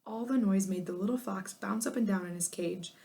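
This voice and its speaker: Expressive female narrator for a children's chapter book, lively delivery. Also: medium pitch, a little fast, creaky. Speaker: audiobook narrator. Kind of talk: children's storybook reading.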